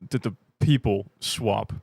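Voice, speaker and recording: A man's voice: on the low side, slow, vocal fry, a little mellow, slightly rough, no room sound. A British man hosting a fan livestream, chatting casually and joking as he answers viewer comments. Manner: rambling and joking, self-deprecating, with many restarts. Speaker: fan channel livestream host.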